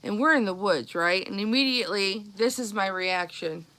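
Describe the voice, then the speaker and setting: A woman's voice: mid-range voice, moderate pace, heavy background noise. A middle-aged woman telling a childhood story to her live viewers in a chatty way, acting out the people in it. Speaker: vlogger talking to live viewers. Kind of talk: casual live-stream storytelling.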